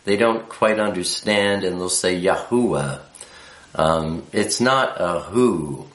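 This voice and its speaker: A man teaching and explaining letters patiently, with a halting delivery full of fillers. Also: sits low, a bit bright, reverberant. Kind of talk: unscripted teaching talk.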